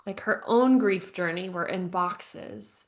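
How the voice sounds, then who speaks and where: A woman's voice: on the low side, slow. A woman in her thirties, a podcast guest and grief counselor telling her personal story in an earnest, reflective way, often saying "like" and laughing lightly. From United States. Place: home, living abroad.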